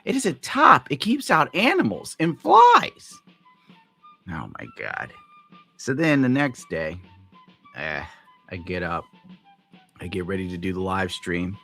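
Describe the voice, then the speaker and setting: A man's voice: low-pitched, fairly bright tone. A tired man live streaming, telling a rambling, profane story in a grumbling way. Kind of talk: rambling livestream rant.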